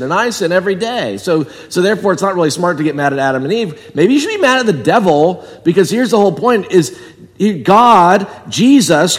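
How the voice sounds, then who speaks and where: Animated preaching man in a reverberant church. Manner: conversational with wide swings in pitch and volume. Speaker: pastor. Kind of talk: sermon. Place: church sanctuary.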